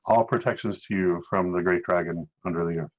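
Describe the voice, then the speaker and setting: Guy doing a low-voiced priest, devout and patient, accent keeps sliding around, kinda muffled. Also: a little fast. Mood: welcoming. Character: adult male village priest, calm, devout.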